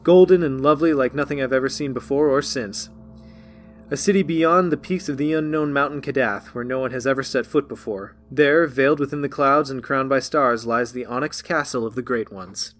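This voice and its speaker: A man's voice: medium pitch, a little fast, slight background noise, natural voice. A man voicing a wistful dreamer who speaks earnestly, full of wonder about a far-off city. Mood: rapt. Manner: earnest, rapt storytelling tone.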